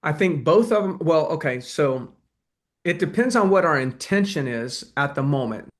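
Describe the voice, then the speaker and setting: A man's voice: a little high, lively intonation, moderate pace. A man coaching real estate agents in a webinar, talking conversationally and acting out sales calls. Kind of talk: webinar presentation and Q&A.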